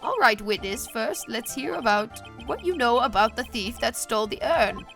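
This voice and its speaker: A woman's voice: on the high side, animated, normal speed, creaky, a bit bright, faint music behind. A woman voicing an elderly male judge, fussy and easily swayed, speaking with polite courtroom formality.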